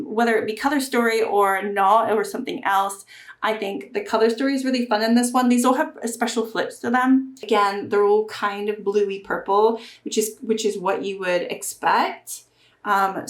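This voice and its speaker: Reviewing and ranking makeup palettes in a casual talk to camera, a female beauty YouTuber is chatty, effusive, and prone to excited outbursts. Her mid-range voice carries a reverberant quality.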